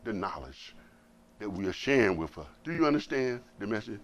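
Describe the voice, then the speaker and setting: A man preaching a Friday sermon as imam, blunt and colloquial, repeating words for emphasis and swinging from loud preaching to low asides. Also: big pitch swings, brisk, lo-fi sound, slight background noise.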